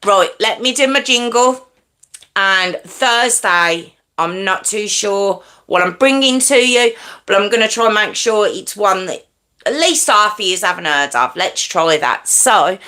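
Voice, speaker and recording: Bright-voiced woman chatting on a livestream. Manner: chatty, warm to viewers, quick pitch jumps when teasing. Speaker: true crime livestream host. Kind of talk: casual live chat reading comments.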